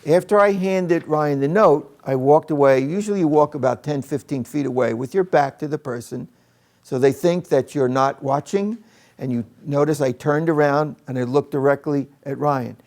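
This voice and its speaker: A man with a gravelly edge to his voice leads a classroom demonstration. He keeps his tone calm and direct, explaining discipline techniques to the teachers watching. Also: on the high side, moderate pace. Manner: calm and direct, speaks to the room. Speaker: teacher trainer.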